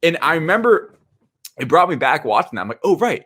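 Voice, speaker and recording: A man's voice: fairly high pitch, huge pitch swings, quick pace, fairly bright tone. A man co-hosting a movie podcast, talking in an opinionated, emphatic way. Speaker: podcast co-host. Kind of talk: casual movie chat.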